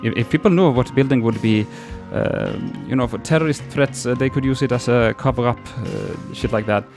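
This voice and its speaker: A man putting on a halting foreign-accented expert. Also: medium pitch, music in the background, natural voice. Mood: secretive. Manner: earnest, stumbling restarts. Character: middle-aged male demolition expert, friendly, secretive.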